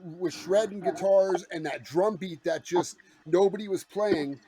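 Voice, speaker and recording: A man's voice: high voice, a little slow, crowd noise. A man co-hosting a casual podcast, talking in a laid-back, rambling way. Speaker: podcast co-host.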